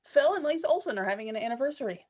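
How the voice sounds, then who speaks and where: A woman co-hosting a casual podcast, easygoing and quick to laugh. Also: a little high, expressive, crowd noise. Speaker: podcast co-host. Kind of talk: casual live podcast chat. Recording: muffled lo-fi call audio.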